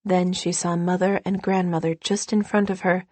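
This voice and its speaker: A woman narrating an audiobook with steady, even storytelling. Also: fairly low pitch, moderate pace, no room sound. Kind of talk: scripted narration.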